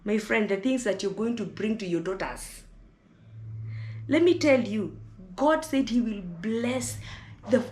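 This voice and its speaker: A Kenyan woman talks straight to camera in an impassioned, preachy vlog monologue. Her voice sits at a middling pitch, and she stumbles over repeated words when she gets worked up. The sound carries a roomy echo. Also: lively intonation, unhurried, pauses often, a little mellow. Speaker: vlogger.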